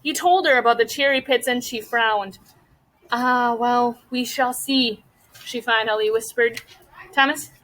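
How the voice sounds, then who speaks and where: A woman's voice: on the high side, steady tone, fairly bright tone, rough recording. A woman teacher reading a novel aloud to her class and stopping to ask the students questions. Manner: pauses to question students about the story.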